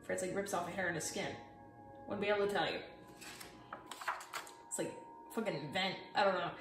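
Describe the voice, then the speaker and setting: A woman's voice: lowish voice, normal speed, distant mic. A young woman casually chatting through her sketchbook, rambling, swearing a lot and mocking herself. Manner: rambling, profane and self-mocking. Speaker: artist showing her sketchbook. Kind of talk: casual chat. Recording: echoey and from off-mic, with music. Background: music playing.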